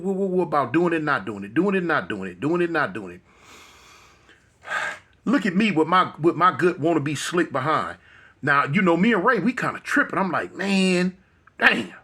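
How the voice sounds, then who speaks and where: Husky high-voiced Los man. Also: fairly bright tone. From Los Angeles. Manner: vivid retelling that acts out the voices of others; repetitive, with frequent restarts and slang. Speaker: guest. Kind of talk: animated storytelling in an interview.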